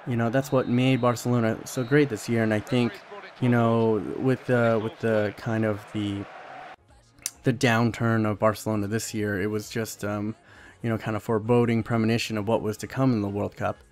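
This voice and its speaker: A man's voice: fairly low pitch, little pitch movement, normal speed, a little mellow. A young man talks over his football game footage in a loose, chatty way. He rambles, restarts his sentences and fills gaps with ums and uhs, like a channel host chatting to his regular viewers. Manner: rambling, many fillers and restarts. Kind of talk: casual commentary over gameplay.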